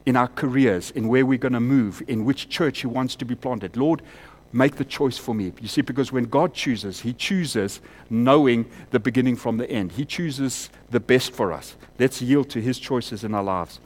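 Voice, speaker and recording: A man preaches a sermon in church in a mid-range voice at normal speed. He climbs to loud, emphatic peaks, then drops to quiet, close appeals.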